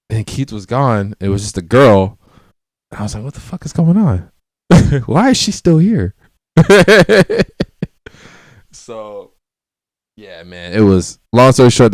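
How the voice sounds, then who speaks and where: A man's voice: on the low side, no room sound, clean studio sound. A man telling a party story in casual chat, acting out quotes and laughing often. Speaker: guest.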